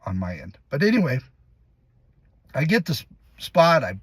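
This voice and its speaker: A man who acts in commercials, casually telling a lively behind-the-scenes story and acting out what others said. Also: a little high, measured pace, breathy edge, dry recording. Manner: lively, laughs while telling, acts out other people's lines. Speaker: commercial actor.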